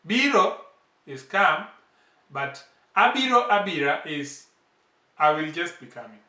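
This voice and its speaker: A man hosting a language channel, patiently explaining words with slow, repeated examples. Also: fairly high pitch, big pitch swings, bright, forceful tone. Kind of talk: casual language lesson. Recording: roomy echo, distant from the mic.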